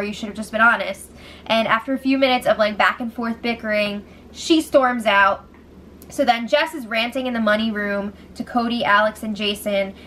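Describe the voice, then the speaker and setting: A woman's voice: fairly high pitch, a little hiss or hum. Giggly woman recapping reality TV. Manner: chatty, giggly, animated retelling with quoted voices. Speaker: show recap host. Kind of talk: casual spoiler recap.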